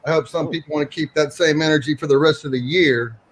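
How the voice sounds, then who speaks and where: A man's voice: a little high, fast, a little hiss or hum, low-quality recording. A man on a live stream calling out people with pointed, grudging remarks. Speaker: stream guest. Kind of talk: casual live-stream chat.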